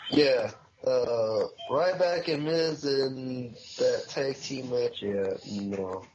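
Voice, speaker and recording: A man's voice: mid-range voice, extremely slow, darkish tone, highs cut off, slight background noise. A man from New Orleans giving blunt, dry verdicts in a casual review chat. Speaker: guest panelist.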